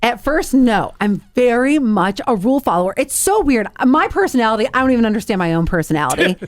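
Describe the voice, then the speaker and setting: A middle-aged woman co-hosting a casual talk show, chatty and confessional, quick to laugh. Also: a little high, very animated, no echo, studio quality. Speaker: co-host. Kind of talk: casual chat.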